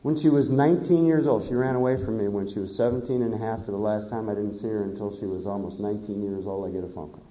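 A man's voice: fairly low pitch, quick pace, hardly any pauses. A middle-aged man giving a plain-spoken, earnest personal testimony at a recovery meeting. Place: conference hall. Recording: echoey dull conference tape.

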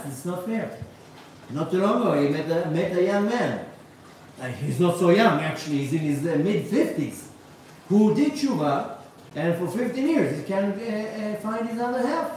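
A male rabbi lecturing live with a high, lively voice that swings up and down as he acts out the people he quotes. He keeps asking his listeners questions. The recording is very echoey and distant, with faint noise behind him. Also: moderate pace. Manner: asks the audience rhetorical questions.

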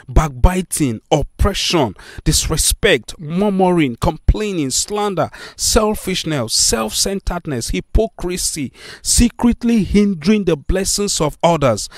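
A man's voice: high-pitched, darkish tone, no echo, studio quality. A man preaching a sermon, listing sins with emphasis and pressing his listeners to repent. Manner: emphatic listing, rising to urgent appeals.

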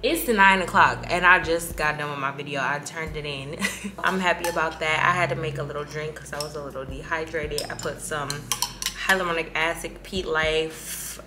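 A young woman with a low, steady voice talks to the camera at normal speed in a casual vlog, against a noisy background. She's candid and chatty, laughing between lines as she describes feeling emotional and tired while on her period.

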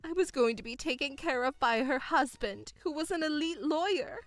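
Lady doing a shrill bossy mom in a drama story, high and swooping, whiny and stammery, dry close sound. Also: lively intonation, normal speed, no echo, faint music behind. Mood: indignant. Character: self-pitying middle-aged mother, shrill and controlling.

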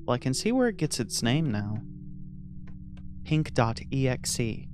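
A man's voice: medium pitch, a little slow, slight background noise. A man giving casual, sarcastic let's-play commentary on a game, reacting with jokes and sudden exclamations. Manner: sarcastic, jokey, animated reactions. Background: faint game soundtrack.

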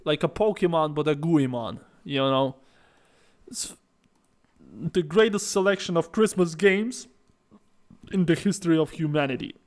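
A man's voice: a little high, measured pace, darkish tone. A man giving casual let's-play commentary while gaming, joking, swearing and laughing often.

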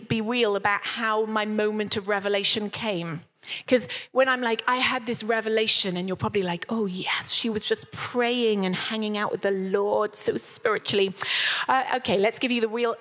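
A woman's voice: fairly high pitch, fairly bright tone. A woman in her thirties preaching at a church service, telling candid, humorous stories and acting out what people said. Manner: candid, humorous storytelling with acted-out quotes. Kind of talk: sermon. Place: church hall. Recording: long reverb of a church hall.

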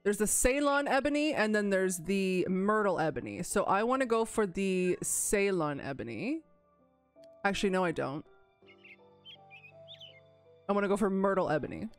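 This is a woman talking casually over her own gameplay as the channel host. Her pitch sits in an ordinary middle range. She chats in an animated way, slipping into playful, dramatic pleading and giggling asides, with faint music behind her. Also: moderate pace, long pauses. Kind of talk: casual let's-play commentary.

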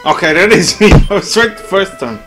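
A man's voice: sits high, animated, fairly quick, over music. A man casually commenting on a game he plays, swearing and joking as he reads the text aloud. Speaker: gameplay commentator. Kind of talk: casual let's play commentary.

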